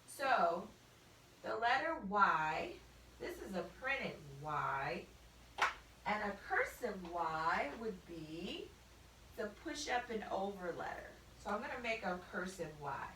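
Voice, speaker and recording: A woman teacher walks children through a phonics lesson at a slow, careful pace, stretching and repeating each sound. Her voice sits slightly high and bright. She stands back from the mic in an echoey room with a faint hiss behind her. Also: big pitch swings, far from the mic.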